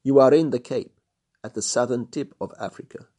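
A man voicing a cold, menacing male police inspector in a storybook reading, with a low, clipped delivery. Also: normal speed, warm tone, lightly acted.

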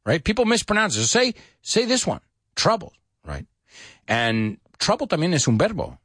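Man, teacher, husky dry voice, very animated, playful, mixes two languages. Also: on the high side, normal speed, dry recording. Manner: playful, switches between English and Spanish. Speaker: English teacher. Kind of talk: bilingual language lesson.

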